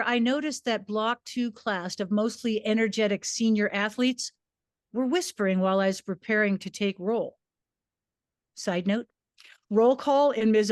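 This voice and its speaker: A woman reading her memoir aloud to an audience, a former teacher who tells her story theatrically, swinging her pitch and volume as she acts out her own classroom commands. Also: no echo, studio quality. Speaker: memoir reader, former high school teacher.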